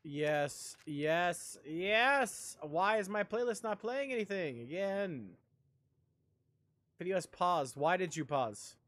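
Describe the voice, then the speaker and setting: A man's voice: sits high, lively intonation, slow pace, a bit bright, no echo. A man streaming a game live, rambling casually and talking with his chat in a self-deprecating way.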